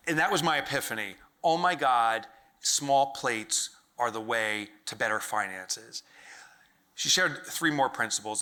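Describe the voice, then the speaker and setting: A man giving a comedic keynote talk to a live audience, acting out little voices and shouting punchlines. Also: fairly high pitch. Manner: animated, acts out silly voices, shouts punchlines. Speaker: keynote speaker. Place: large event hall with live audience.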